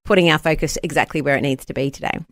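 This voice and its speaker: A woman's voice: sits low, fairly even intonation, very fast, no room sound, studio quality. A bubbly Australian woman hosting a breakfast radio show, chatting with callers and laughing often. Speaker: radio host.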